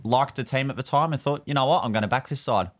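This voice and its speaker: A man's voice: medium pitch, quick pace, fairly bright tone. An easygoing man from Australia with an Australian accent, chatting as a podcast guest in a shed studio. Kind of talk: casual chat.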